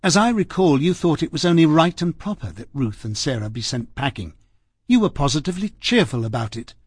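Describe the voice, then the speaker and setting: A man's voice: a little high, sing-song, breathy edge, no echo, studio quality. A man voicing a weary, ashamed housekeeper woman. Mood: reproachful. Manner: quiet, halting, pleading. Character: weary middle-aged female housekeeper, ashamed and hurt. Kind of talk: audiobook character voice.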